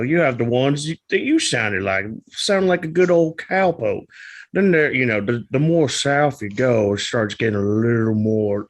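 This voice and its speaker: A man, explaining things with examples in a casual livestream chat. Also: mid-range voice.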